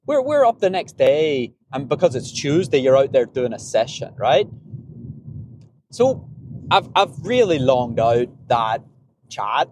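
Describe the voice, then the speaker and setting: A man's voice: medium pitch, big pitch swings, a little slow, darkish tone, a little hiss or hum. A man hosting a podcast in a casual, rambling monologue about running, often repeating and restarting words. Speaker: podcast host, runner.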